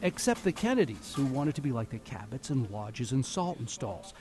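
A man's voice: mid-range voice, moderate pace. A man hosting a radio talk show, narrating a feature and then introducing guests in the studio. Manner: lively, animated delivery.

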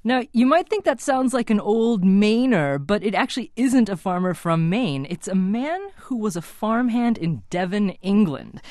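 A woman reporting a radio feature, with a clear narrative delivery. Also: medium pitch, animated, moderate pace, few pauses, darkish tone, no echo, studio quality.

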